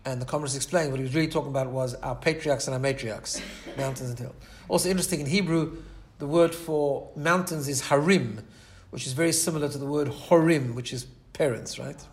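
A man's voice: medium pitch, a little fast, few pauses, slight background noise. A man teaching a Torah lesson in an earnest storytelling manner, often restarting and repeating words as he goes. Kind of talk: storytelling sermon.

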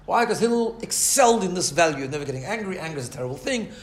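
A man with a fairly high voice gives a Torah lecture in a relaxed, conversational manner. He keeps checking in with his listeners and acts out the characters in his stories. The room adds a noticeable echo. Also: racing. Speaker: rabbi teaching a class.

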